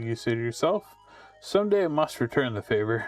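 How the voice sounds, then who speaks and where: A man's voice: mid-range voice, very animated, fairly quick, far from the mic, soft background music. Offhand man reading game text. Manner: offhand, chatty, joking asides. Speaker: game streamer. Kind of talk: casual let's-play commentary, reading game text aloud.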